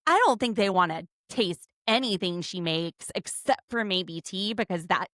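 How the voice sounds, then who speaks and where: Forties woman co-host for a casual recap chat; lively storyteller, dry booth-like recording. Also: lowish voice, moderate pace, no room sound. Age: 40s. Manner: chatty, animated storytelling. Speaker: podcast co-host.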